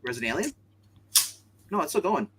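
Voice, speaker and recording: A man showing off his comics, wandering from point to point with jokes. His pitch jumps around a lot, and he talks in a loose, unscripted way. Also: sing-song, brisk, noisy background. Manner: rambling and jokey. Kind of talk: casual chat.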